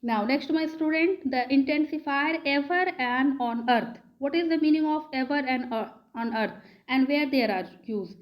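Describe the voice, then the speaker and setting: A woman teaching a grammar lesson, who talks slowly, repeats words and keeps asking her students questions. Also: sits high, dull audio. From India. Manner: slow, repeats words and asks the class questions. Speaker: English teacher.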